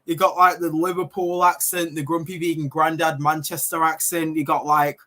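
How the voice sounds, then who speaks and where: A man's voice: a little high, little pitch movement, normal speed, sharp tone. A man chatting on a livestream, rambling with many hesitations. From Britain. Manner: rambling, full of ums, giggly asides. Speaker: livestream host. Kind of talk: casual livestream chat.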